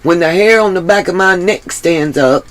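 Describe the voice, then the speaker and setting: A woman's voice: on the low side, normal speed. Lady on her livestream, blunt and in your face, cusses a lot. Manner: blunt, emphatic, swears freely. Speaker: livestream host. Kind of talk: livestream commentary.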